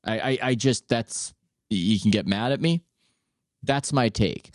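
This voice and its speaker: Opinionated man with a low voice. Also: measured pace, dry recording, clean studio sound. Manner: opinionated, joking. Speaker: podcast host. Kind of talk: casual podcast chat.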